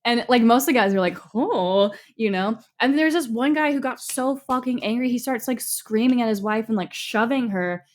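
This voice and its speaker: A young woman co-hosting a podcast, telling stories in a casual, animated way and acting out the people she quotes. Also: fairly high pitch, moderate pace, hardly any pauses. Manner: chatty, animated storytelling with quoted asides. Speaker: podcast co-host. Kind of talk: casual chat.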